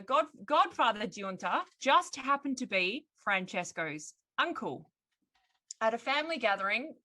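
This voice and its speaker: A woman's voice: mid-range voice, bright, forceful tone. A woman hosting a podcast, telling a story in casual chat with sardonic asides and frequent laughs.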